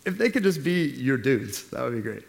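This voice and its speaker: A man preaching a sermon in a church, keeping it casual and slangy. He rallies his congregation in a voice of middling pitch. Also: sing-song, normal speed, creaky. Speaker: pastor.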